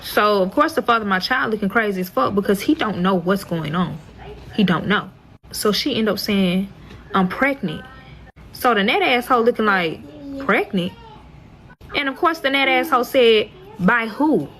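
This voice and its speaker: A woman's voice: medium pitch, lively intonation, moderate pace, a bit bright, poor audio. A young woman telling a storytime in a profane, exasperated, dramatic way. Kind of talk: storytime vlog.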